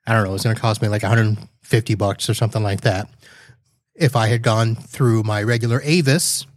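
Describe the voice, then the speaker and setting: A male podcast host tells a rambling story in a casual, lightly exasperated way. His voice sits at an ordinary middle pitch for a man. The recording is dry and close, with no room sound. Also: no room sound. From Florida. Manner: rambling, lightly exasperated anecdote with quoted asides.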